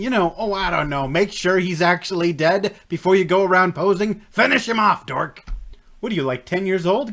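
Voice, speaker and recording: Sarcastic high-voiced man reacting. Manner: sarcastic, mocking, laughs often. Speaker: reaction video host. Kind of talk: casual reaction commentary.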